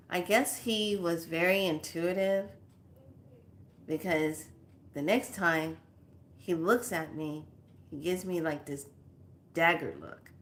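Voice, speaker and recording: A woman and spiritual teacher telling a story in casual, animated, slangy talk. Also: lowish voice, slow pace, long pauses, a little hiss or hum. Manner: animated, slangy, acts out voices.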